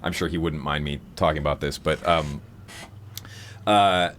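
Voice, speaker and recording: A man with a very low voice talks casually on a live stream, wandering through his thoughts with plenty of fillers and restarts. A faint hiss of noise sits under his voice. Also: steady tone, moderate pace, fairly bright tone. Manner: rambling, many fillers and restarts. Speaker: streamer hosting a vocal seminar.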